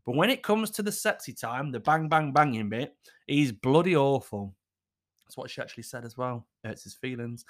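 A man's voice: medium pitch, lively intonation, moderate pace. A man hosting a comic podcast, reading letters aloud with sweary, laughing asides. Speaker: podcast host.

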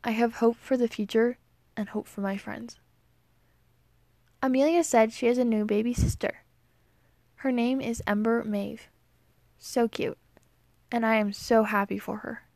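A woman's voice: a little high, fairly even intonation, a little slow, pauses often, darkish tone, no room sound. A young woman reading her old diary entries aloud in an earnest, mock-dramatic way. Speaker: vlogger.

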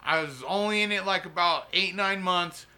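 A young man and stand-up comedian tells stories in an animated, profane way, full of "dude" and "bro". His voice sits high and sounds very bright and forceful. The talk is a loose, casual podcast chat. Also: moderate pace.

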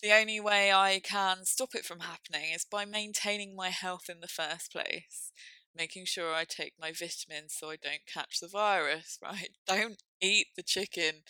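A young woman speaking candidly and reflectively about a personal experience, halting now and then with fillers. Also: lowish voice, sharp tone, clear, resonant tone, no echo, poor audio.

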